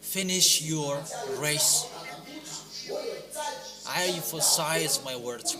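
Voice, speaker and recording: A man preaching a sermon, exhorting his listeners with loud, emphatic commands that fall back to quieter lines. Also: takes it slowly. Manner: exhorting, rising to loud emphatic commands then dropping low. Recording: clear music playing behind the voice.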